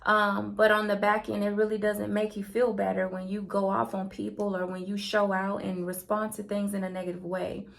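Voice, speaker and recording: A woman with a Southern American accent, from the Deep South, telling a personal faith story in a conversational, earnest way. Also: flat delivery, normal speed, creaky, hardly any pauses. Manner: conversational and earnest, with colloquial turns of phrase. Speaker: channel host.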